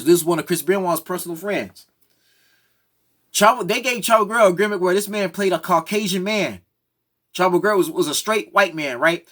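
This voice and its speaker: Heated high-voiced man ranting. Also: fairly bright tone. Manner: heated, repeats "right?" and "come on now, man". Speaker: commentary vlogger. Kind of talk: opinionated monologue.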